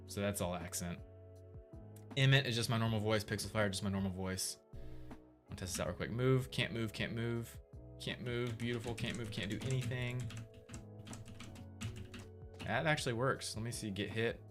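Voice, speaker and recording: A man streaming his game development, thinking aloud in a relaxed, casual way while he tests things. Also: on the low side, moderate pace, long pauses, faint music behind. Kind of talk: casual livestream commentary.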